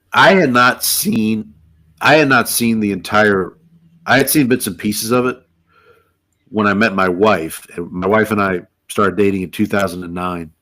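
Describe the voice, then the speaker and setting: Easygoing low-voiced man. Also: fairly bright tone. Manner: easygoing, hesitant, many fillers. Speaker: podcast co-host. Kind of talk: casual chat.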